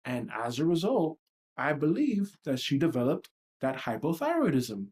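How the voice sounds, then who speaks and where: A man's voice: fairly high pitch, sing-song, normal speed, a little mellow. A man hosting a livestream, talking in a blunt, profane and self-reflective way. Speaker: livestream host. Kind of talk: candid livestream monologue.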